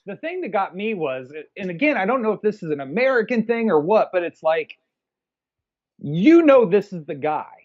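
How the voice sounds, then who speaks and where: A man's voice: sits high, sing-song, normal speed, darkish tone, highs cut off. A man co-hosting a movie review podcast, trading crude, sarcastic jokes in casual banter.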